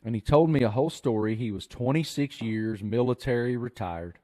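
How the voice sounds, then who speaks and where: A man hosting a podcast, telling a story in an earnest, animated way. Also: medium pitch, fairly quick, few pauses. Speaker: podcast host. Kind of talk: storytelling chat.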